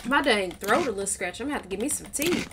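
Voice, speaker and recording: A high-pitched woman gamer trash-talks and brags as she plays, her voice swinging widely up and down. She talks in an unhurried way. Keyboard clicks and typing stay clearly audible in the background. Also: background noise. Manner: playful, boastful trash talk. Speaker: gaming channel co-host. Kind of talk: casual gameplay commentary.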